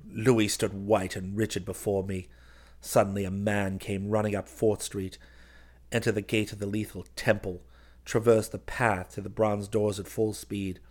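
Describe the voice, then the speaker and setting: A man narrating a first-person story aloud in an intense, theatrical way. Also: on the low side. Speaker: audiobook reader.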